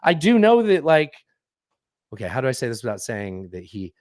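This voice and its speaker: Rambling swearing podcast co-host, dry sound. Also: male voice, medium pitch, very animated, moderate pace, dry recording. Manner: rambling, swears often, reads listener review aloud. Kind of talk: casual podcast banter.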